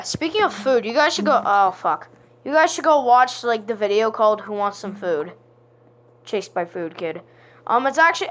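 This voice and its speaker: A young woman playing a game and chatting casually to her viewers, playful, sometimes singing with deliberate voice cracks. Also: on the high side, a bit bright. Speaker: gaming vlogger. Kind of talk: casual gaming commentary.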